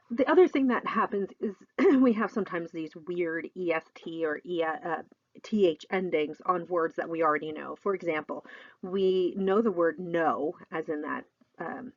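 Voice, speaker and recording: A woman's voice: on the low side, measured pace, no echo, muffled recording. A middle-aged woman teaching a recorded lesson, explaining in a chatty way with lots of fillers.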